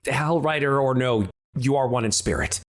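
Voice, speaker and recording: A man voicing a calm female warrior who soothes and reassures a comrade, in a tabletop role-play game. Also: mid-range voice, moderate pace, close to an everyday voice. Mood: reassuring. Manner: soothing, leisurely.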